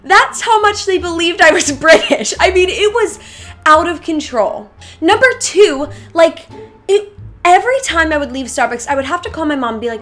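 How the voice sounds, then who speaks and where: Chatty young woman, higher voice. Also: sing-song, normal speed, a bit bright. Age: young adult. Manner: chatty, filler-heavy, lots of "like". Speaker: YouTuber. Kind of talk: casual storytime vlog. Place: bedroom.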